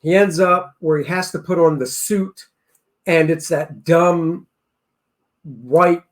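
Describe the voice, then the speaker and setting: A man with a somewhat raised voice talks through a TV episode as co-host of a casual review show. He gets excitable and breaks into loud exclamations as he reacts. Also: on the high side, slow.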